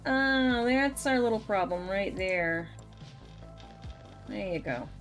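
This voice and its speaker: A playful young woman chatting over her gameplay stream. Her pitch swings widely while her pace stays slow and unhurried, and she laughs often. A faint bed of music sits underneath. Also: expressive. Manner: playful, laughs often, scolds in mock threats. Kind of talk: casual gameplay chat.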